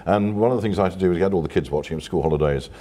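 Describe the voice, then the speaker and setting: A host who talks fast and trades quick jokes with his guest. His voice sits low, with a dark, husky grain. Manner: quick, jokey banter. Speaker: radio show host. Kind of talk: casual chat.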